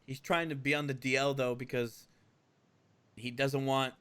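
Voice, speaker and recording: A man's voice: mid-range voice, level tone, moderate pace, a bit bright, clean tone. A man playing a tabletop role-play game, talking in a casual, profane way. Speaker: player.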